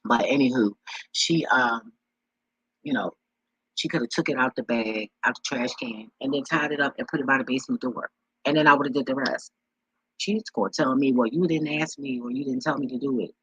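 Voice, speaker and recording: A man's voice: mid-range voice, brisk, a bit bright, husky, no room sound, muffled recording. Rambling, cursing guy vlogging. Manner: rambling, swears, repeats words, laughs often. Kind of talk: casual chat.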